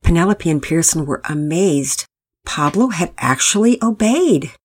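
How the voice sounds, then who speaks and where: A woman's voice: lowish voice, lively intonation, measured pace, husky. A woman hosting and narrating a children's family story, reading it aloud. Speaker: storyteller and host.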